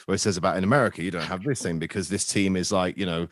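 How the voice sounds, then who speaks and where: A man's voice: low voice, no echo, studio quality. A man hosting a casual football fan podcast, joking, swearing and bantering with his guests. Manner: jokey, swears, quick banter. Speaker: podcast host.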